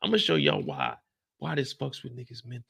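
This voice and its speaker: A man hosting a casual recap of a TV episode, ranting in an animated, profane, slang-heavy way. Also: mid-range voice, brisk, creaky, breathy edge, no room sound. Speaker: TV show recap host.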